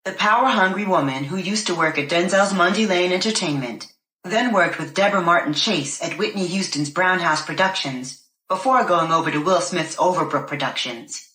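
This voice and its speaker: A woman reading a first-person novel aloud in a measured, deliberate way. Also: fairly low pitch, bright, forceful tone. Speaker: narrator. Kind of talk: scripted first-person audiobook narration. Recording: roomy echo.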